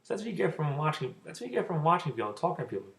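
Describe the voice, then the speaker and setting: Speaking very fast with a fairly high, slightly bright voice, a young man rambles loosely, his words stalling and repeating in a stutter. His tone is gravelly and full of fry, and his pitch swings widely. He comes off casual and offhand, like a vlogger handing out advice.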